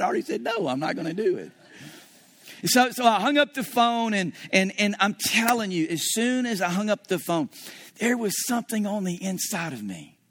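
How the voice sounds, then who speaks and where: A man's voice: high-pitched, fairly bright tone. A man preaching a sermon as pastor, telling a story and acting out his own past dialogue.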